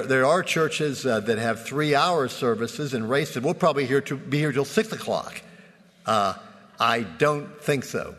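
Slow-preaching man in a reverberant church. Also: medium pitch, a bit bright. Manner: slow, measured preaching with frequent uh fillers. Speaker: pastor. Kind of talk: Good Friday sermon. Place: church sanctuary.

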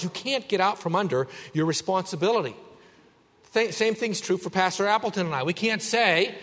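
A man's voice: high-pitched, moderate pace. Emphatic male pastor in echoing church. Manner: emphatic, swings between raised and hushed. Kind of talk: sermon.

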